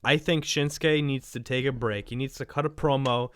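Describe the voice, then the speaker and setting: A man co-hosting a casual wrestling chat, excitable and swearing freely, often laughing. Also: medium pitch, normal speed, clear, resonant tone, dry recording, studio quality. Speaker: podcast co-host.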